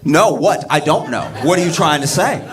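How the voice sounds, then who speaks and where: A man doing a brash, squeaky female celebrity rapper. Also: expressive, normal speed, close to an everyday voice. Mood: taunting. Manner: exasperated, blunt, incredulous. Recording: live audience laughter and noise.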